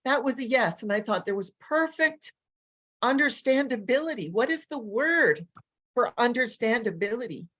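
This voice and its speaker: A woman language coach and educator, telling stories in an animated, energetic way during a casual interview. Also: fairly high pitch, moderate pace, muffled recording. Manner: animated, energetic storyteller who acts out voices.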